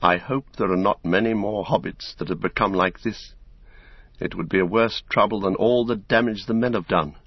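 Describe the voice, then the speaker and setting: A man voicing a weary, gentle male hobbit leader in a storybook reading, speaking in a grave, measured way. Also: lowish voice, husky, no room sound. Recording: dull, dry recording.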